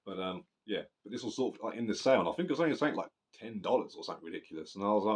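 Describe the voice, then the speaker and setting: A man's voice: lowish voice, animated, very fast, hardly any pauses. A man casually reviewing a death metal album, rambling and swearing, often correcting himself mid-sentence.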